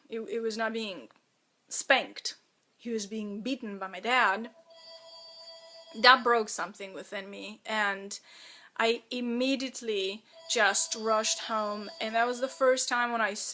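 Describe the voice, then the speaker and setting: A woman who is the author of her own memoir, speaking in a personal, reflective monologue, halting and emotional as she fights back tears. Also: fairly high pitch, sharp tone.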